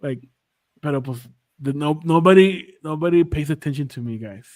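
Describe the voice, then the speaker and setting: A man's voice: on the high side, normal speed, darkish tone. A man co-hosting a casual chat, laid-back, laughing a lot and chiming in briefly. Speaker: co-host.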